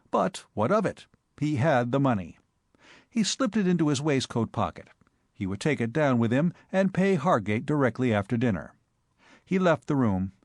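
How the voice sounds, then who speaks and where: Expressive male audiobook narrator. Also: medium pitch, dry recording, clean studio sound. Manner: expressive, wry storytelling. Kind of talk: scripted narration of comic fiction.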